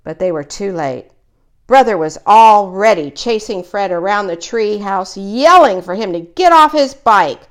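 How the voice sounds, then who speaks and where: A woman reads a children's picture book aloud with a lively, swooping voice. She slips into each character as she goes, keeping the story bright and expressive. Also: medium pitch, measured pace. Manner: animated, voicing each character in turn.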